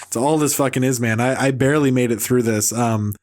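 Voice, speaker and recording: A man hosting a podcast in casual chat, ranting with mocking impressions, swearing and quick laughs. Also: mid-range voice, darkish tone, slight background noise. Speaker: podcast host.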